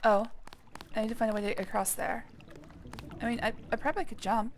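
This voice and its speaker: A woman's voice: a little high, steady tone, quick pace, slight background noise. A woman streamer giving casual let's-play commentary, rambling with self-mocking jokes. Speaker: streamer playing a game. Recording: game music clearly behind.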